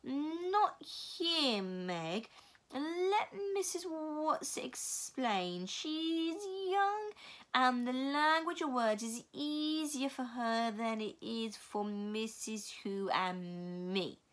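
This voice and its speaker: Woman playing ancient slow commanding spirit-woman. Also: expressive, fairly bright tone, full character voice. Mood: solemn. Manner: very slow, drawn-out, high and distant.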